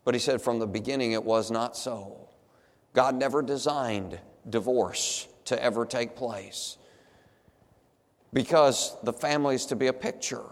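A man's medium-pitched voice, a little slow, carries through the long hall reverb of a church as he preaches. He is a pastor in the sanctuary, addressing his congregation emphatically and posing one rhetorical question after another.

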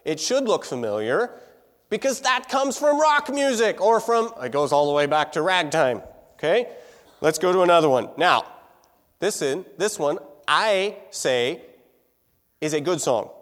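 Teaching music in a large hall, a man speaks in a slightly high, a bit bright voice with big pitch swings. His unhurried lecture is conversational, and he frequently asks the crowd questions.

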